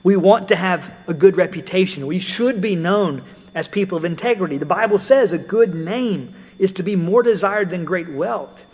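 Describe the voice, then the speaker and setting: A man's voice: high-pitched, moderate pace, darkish tone, slightly rough, long reverb tail, low-quality recording. A man preaching a sermon in a conversational way, with storytelling asides.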